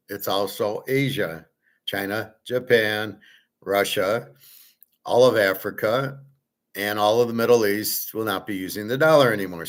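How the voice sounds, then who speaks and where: A man's voice: lowish voice, fairly bright tone. A man hosting a show, ranting bluntly and profanely in commentary. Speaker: show host.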